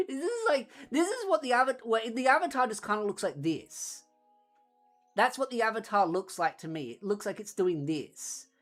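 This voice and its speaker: A woman streamer in casual chat on a desk mic, retelling things in a rambling, animated way. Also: mid-range voice.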